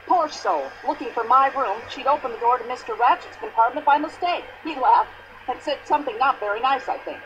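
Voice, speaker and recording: An actress playing a pushy, indignant older American widow in a mystery video game, complaining at length in a shrill voice. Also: female voice, a little fast, highs cut off, background noise. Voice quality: shrill, complaining, long-winded.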